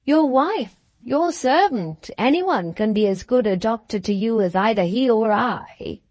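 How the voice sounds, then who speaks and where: A woman voicing a principled male country doctor who speaks in a calm, stern manner. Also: fairly high pitch, measured pace, dry recording. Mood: firm.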